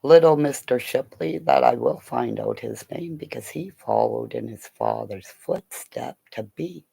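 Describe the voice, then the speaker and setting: A middle-aged woman talks in a loose, rambling monologue at an unhurried pace. Her voice is gravelly with a creaky edge, and she swears freely and slips into whispers mid-thought. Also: extremely low pitch, warm tone. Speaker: vlogger.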